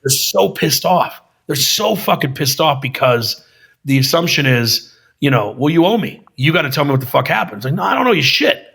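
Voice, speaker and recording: A film director talking casually as a podcast guest, swearing freely and acting out other people's lines with emphasis. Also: male voice, medium pitch, animated, moderate pace, vocal fry, a bit bright, husky. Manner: profane, emphatic storyteller acting out quotes. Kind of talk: casual conversation.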